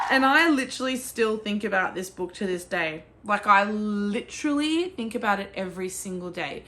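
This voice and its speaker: A young Australian woman talking casually about books as a vlogger, gushing and excitable, with sudden squeals and swearing. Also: medium pitch, moderate pace, hardly any pauses, music in the background. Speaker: book vlogger. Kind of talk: casual chat.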